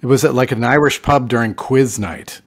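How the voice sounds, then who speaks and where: A man's voice: mid-range voice, normal speed, breathy edge. A middle-aged man, sleepy and fading late at night, rambling and trailing off in casual chat as a podcast co-host. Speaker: podcast co-host, touring musician.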